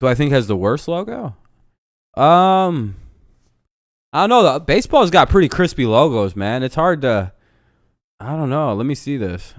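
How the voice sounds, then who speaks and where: A man's voice: mid-range voice, sing-song, moderate pace, long pauses, no echo, studio quality. A man hosting a live stream, chatting casually and arguing with lots of swearing while he watches a game. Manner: profane, argumentative, rambling. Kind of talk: casual chat during a game watch-along.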